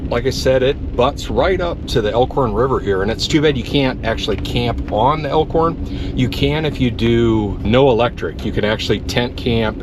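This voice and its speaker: A man's voice: mid-range voice, noisy background. A man vlogging his solo van camping trip in a casual, chatty way, talking straight to his viewers. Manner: chatty, talks directly to viewers as folks. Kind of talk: casual solo vlog narration to camera. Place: outdoors at a riverside campground in the rain.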